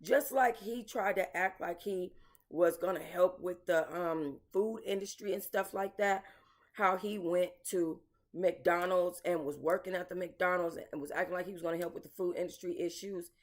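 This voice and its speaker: A woman's voice: fairly low pitch, normal speed. A woman hosting casual commentary, talking bluntly and emotionally to her viewers, swearing and calling them y'all. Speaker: commentary channel host.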